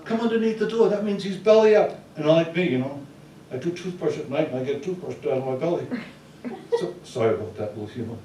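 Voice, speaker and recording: A man telling comic stories to a live audience on a small theater stage, playful and animated, acting out sounds. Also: on the high side, fast, far from the mic, slight background noise. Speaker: storyteller at open mic. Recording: roomy hall, heard from afar.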